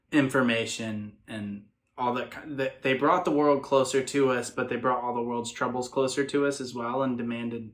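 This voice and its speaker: A man hosting a reaction video, at a middle pitch. He talks earnestly and reflectively, in loose bursts of thought. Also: fairly bright tone. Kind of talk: casual commentary over a music video.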